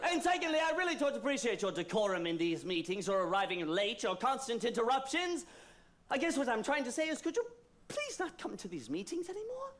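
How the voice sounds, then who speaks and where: Man as stuffy imperial officer, prissy, formal, high voice, wildly swooping. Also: very animated, brisk, a bit bright, heavily acted. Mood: prim. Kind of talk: comic stage musical acting.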